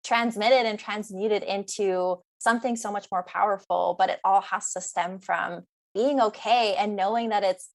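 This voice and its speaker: A woman's voice: medium pitch, fairly even intonation, moderate pace, creaky, hardly any pauses. Earnest young woman sharing her story. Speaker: guest coach. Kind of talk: podcast interview.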